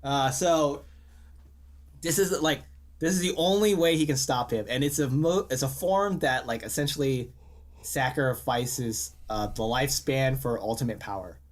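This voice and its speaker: A man's voice: medium pitch, measured pace. A man co-hosting a casual podcast, ranting animatedly with frequent swearing and exasperated outbursts. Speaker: podcast co-host. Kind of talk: casual chat.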